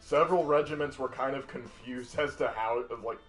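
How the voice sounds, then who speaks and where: A man's voice: medium pitch, normal speed, faint music behind. A man chatting casually during a game stream, reading viewer comments and sharing bits of trivia. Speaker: co-host. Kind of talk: casual chat while gaming.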